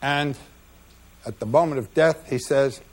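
A man giving a measured, reflective lecture about slides, pausing often with "uh" between phrases. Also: mid-range voice. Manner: measured, reflective, with frequent pauses and "uh" fillers.

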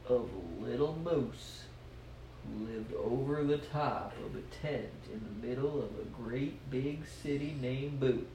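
A man telling a rambling, playful improvised story. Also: mid-range voice. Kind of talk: improvised silly bedtime story. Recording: echoey room with background noise.

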